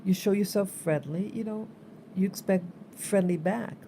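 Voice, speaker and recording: A woman's voice: medium pitch, moderate pace, mellow, slight background noise. A woman vlogger telling a story in a casual, rambling way, repeating herself for emphasis.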